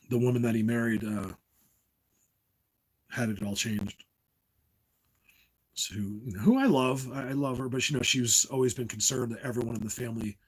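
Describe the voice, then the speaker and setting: A man's voice: mid-range voice, husky, low-quality recording. A middle-aged man from New Jersey chatting casually with his livestream viewers, rambling from tangent to tangent and laughing often. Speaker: livestream host. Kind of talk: casual live-stream chat with viewers.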